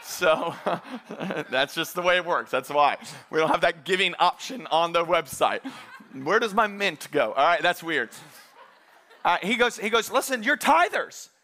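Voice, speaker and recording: Bright-voiced high-pitched pastor preaching. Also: male voice, animated, a little slow. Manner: conversational preaching, quoting scripture with emphasis. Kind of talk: sermon.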